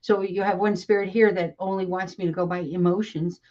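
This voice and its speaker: A woman speaking as a psychic medium in a relaxed live chat, calm and measured as she explains things. Her voice sits somewhat low for a woman. The audio is a little dull and lo-fi. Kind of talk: casual conversation on a live broadcast.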